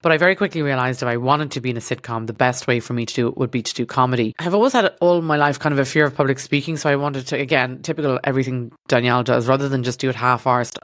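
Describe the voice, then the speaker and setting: A woman's voice: extremely low pitch, no echo. An Irish woman hosting a podcast from a studio, talking in a rambling, self-deprecating comedic monologue that swears freely. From Ireland. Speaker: podcast host.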